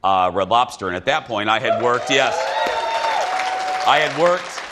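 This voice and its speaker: A man's voice: medium pitch, a little slow, over a noisy crowd, very noisy. A man hosting a live TV talk show, chatty and laughing as he tells stories. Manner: lively, chatty, laughing through an anecdote. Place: live show set in a large stadium venue.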